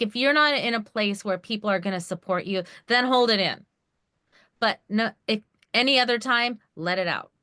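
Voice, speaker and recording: A woman's voice: mid-range voice, bright, forceful tone, clean tone, no room sound, studio quality. A woman who is a guest on a podcast interview, speaking in a frank, emphatic way and laughing easily.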